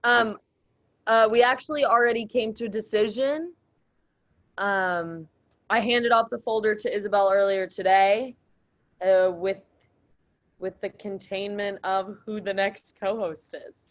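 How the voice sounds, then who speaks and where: A woman's voice: mid-range voice, steady tone, measured pace. Female sketch host, dry hesitant delivery, slightly dull recording. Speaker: show host. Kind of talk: comedy sketch hosting.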